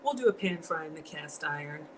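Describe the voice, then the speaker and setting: Lowish-voiced woman with a Southern lilt. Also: animated, brisk, slight background noise, rough recording. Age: middle-aged. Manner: chatty, greets viewers by name, reads out comments. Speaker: home cook streaming live. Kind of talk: casual livestream cooking chat. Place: home kitchen.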